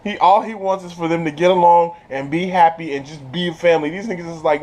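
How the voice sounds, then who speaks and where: A man with a fairly high voice gives a loose, slangy rundown of an episode. He laughs often and trips over his words as he gets excited. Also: fast, hardly any pauses. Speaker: channel host reviewing a TV episode. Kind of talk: casual spoiler recap.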